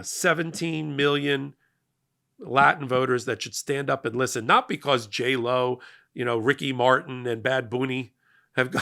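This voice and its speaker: Middle-aged male host, gravelly and bright-toned, emphatic and energetic political commentary. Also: medium pitch. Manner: emphatic, energetic, rising to loud peaks. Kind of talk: passionate political monologue.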